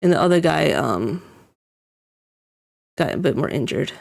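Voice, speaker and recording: In a deep, gravelly, sing-song voice at a measured pace, a woman offers casual, rambling commentary on an anime episode. She restarts often, says "like" constantly, and chuckles when describing scenes.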